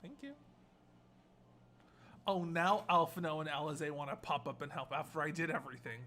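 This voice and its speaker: A young man streaming a game, excitably chatting and laughing often as he gushes over cutscenes. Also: a little high, fast talker. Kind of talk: casual gameplay commentary.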